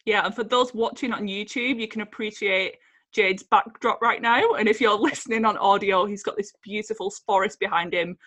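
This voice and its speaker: Woman, podcast host, friendly, clear, measured, mid-pitched voice. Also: fairly bright tone. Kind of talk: scripted intro and interview hosting.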